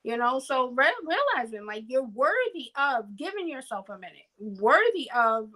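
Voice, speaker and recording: A woman co-hosting a podcast in relaxed, reflective conversation. Her voice sits high and sounds bright and clear. She speaks earnestly and thinks aloud, often checking in with "you know what I mean?". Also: normal speed, poor audio. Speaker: podcast co-host. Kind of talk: casual reflective chat.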